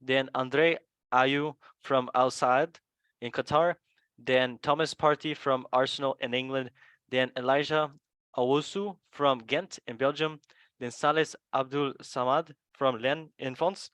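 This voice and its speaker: A man's voice: medium pitch, a bit bright, clean tone, dry recording. A man hosting a casual football podcast, joking around and working his way through a list of player names, stumbling on some. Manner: playful, joking, stumbles over foreign names. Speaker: podcast host. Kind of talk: casual chat and reading a squad list.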